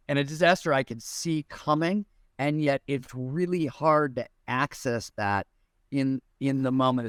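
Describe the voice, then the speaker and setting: A man's voice: medium pitch, no echo, studio quality. A man hosting an interview, asking a long searching question full of fillers and restarts. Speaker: podcast host.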